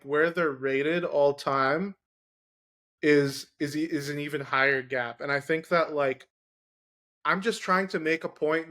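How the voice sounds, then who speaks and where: A man's voice: fairly high pitch, fairly bright tone. A man debating football players on a casual sports podcast, arguing his case with plenty of "like" fillers. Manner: argumentative, lots of "like" fillers. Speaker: podcast co-host.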